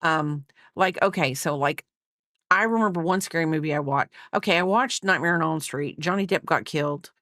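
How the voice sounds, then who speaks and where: Low-voiced woman rambling chattily. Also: normal speed, fairly bright tone, dry recording, clean studio sound. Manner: rambling, chatty, many fillers and asides. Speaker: crochet vlogger. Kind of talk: casual chat while crocheting.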